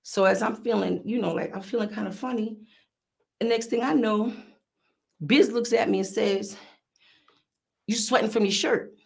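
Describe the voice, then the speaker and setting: Gravelly, animated woman telling a story. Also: mid-range voice, moderate pace. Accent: New York. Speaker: podcast host. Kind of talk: casual storytelling.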